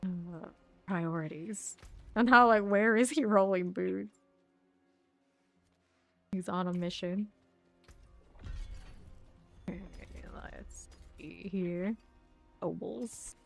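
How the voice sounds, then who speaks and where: Woman game streamer, loose rambling chat, easy laugh, slow talker. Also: lowish voice, vocal fry, a bit bright, faint music behind. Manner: chatty, rambling, laughs often. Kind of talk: live gameplay commentary.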